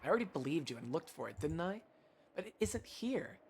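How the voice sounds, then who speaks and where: A man's voice: fairly high pitch, sing-song, a little fast, a little hiss or hum. A man reading the lines of a stern mother who scolds her daughter curtly. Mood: impatient. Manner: curt and scolding.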